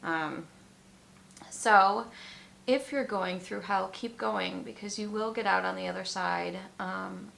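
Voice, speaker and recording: Tearful woman with a gravelly, bright voice. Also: medium pitch, slight background noise. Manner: emotional, tearful, halting with many ums. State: fighting back tears. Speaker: vlogger. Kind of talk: personal vlog confession.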